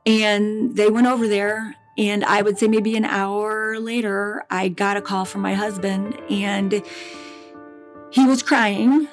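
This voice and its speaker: A middle-aged woman telling a painful personal story in a podcast interview, halting and emotional, with restarts and repetition. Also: medium pitch, steady tone, soft background music. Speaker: bereaved mother guest.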